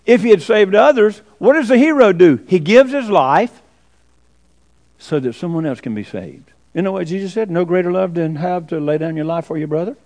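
Male preacher, high animated voice, emphatic, answers his own questions. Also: normal speed. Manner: emphatic, rhetorical questions, sudden drops to quiet. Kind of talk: sermon.

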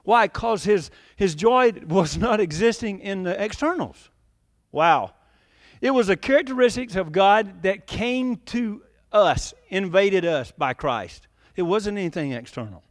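High-voiced preacher talking it through. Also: male voice, animated, a little slow, no echo, studio quality. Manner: conversational, laughs often, asks the congregation questions. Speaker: pastor. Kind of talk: sermon.

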